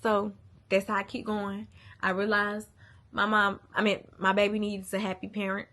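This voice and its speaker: Young mom vlogger venting on camera, blunt, heartfelt, salty language, mid-range voice. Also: female voice, mid-range voice, monotone, normal speed, bright, forceful tone. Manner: blunt, heartfelt, swears freely, repeats herself for emphasis. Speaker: mother venting on a channel. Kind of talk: candid casual venting monologue.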